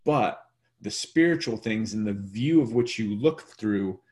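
A man's voice: lowish voice, lively intonation, a little slow, a little mellow. A man hosting a casual faith talk, speaking in a reflective, thoughtful way. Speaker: faith discussion host.

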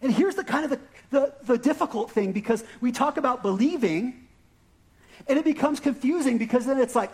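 A man's voice: very high-pitched, animated, a little fast, a little mellow. A man preaching a sermon in a conversational, self-deprecating way, often checking in with "right?" and "okay?", with an Arizona accent. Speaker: pastor.

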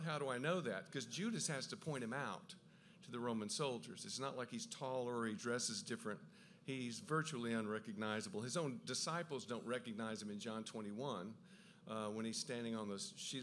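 A man giving an enthusiastic Bible talk, with quick asides and frequent restarts as he explains. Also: mid-range voice, a bit bright, a little hiss or hum. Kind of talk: lively lecture on the Gospels.

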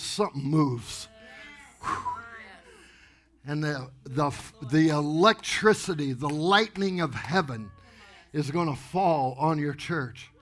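A pastor telling a story in an animated, exuberant sermon to a congregation in a church. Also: male voice, on the high side. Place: church sanctuary before a congregation.

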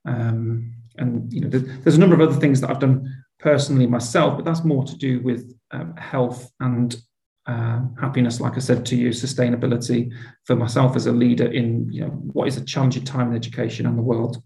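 School leader type, man, earnest and reflective, warm low tone in an echoey room. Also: fairly even intonation, a little fast, gravelly. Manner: earnest, reflective, with frequent restarts. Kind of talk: interview conversation.

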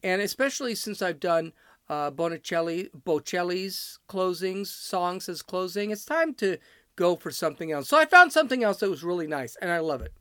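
A man's voice: high-pitched, expressive, moderate pace, pushed and bright, smooth, dry recording, clean studio sound. A man from Chicago hosting his podcast, talking in a blunt, rambling, off-the-cuff monologue. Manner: blunt, ranting and digressive. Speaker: podcast host.

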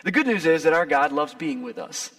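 A man delivering a casual sermon in a high, bright voice with a gravelly edge. He talks like he's chatting with the room, leaning hard into emphasis and then dropping to soft asides. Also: brisk. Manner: lively, conversational, swings between loud emphasis and soft asides. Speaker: preacher. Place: gym used as a church.

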